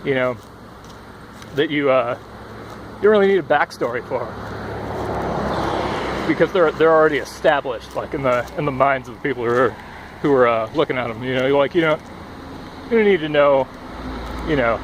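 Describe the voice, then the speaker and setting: Standing by a busy road, a young man talks to his vlog at a moderate pace, his medium-pitched voice broken by long pauses. He's breathless and rambling, swearing a lot and leaning on fillers in a loose monologue. His headphone cord mic catches faint outdoor traffic, with cars going by.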